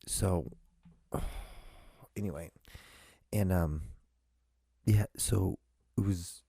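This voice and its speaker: A man's voice: sits low, fairly even intonation, very slow, vocal fry, warm tone, breathy edge, no echo, clean studio sound. A young man hosting a solo podcast, rambling casually and swearing a lot between fillers. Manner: rambling and profane, full of fillers. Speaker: podcast host.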